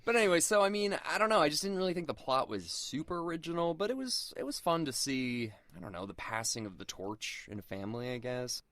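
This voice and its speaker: A young man co-hosting a podcast in casual chat, animated and full of fillers, jumping into high mock voices when quoting. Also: fast talker, hardly any pauses, no echo. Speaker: podcast co-host.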